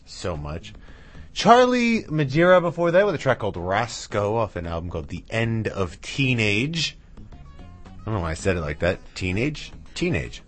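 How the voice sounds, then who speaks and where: A man hosting a radio music show back-announces tracks in a chatty, rambling, self-mocking way, throwing in asides to his dog. His voice is lowish and a bit bright, using a studio mic with headphones.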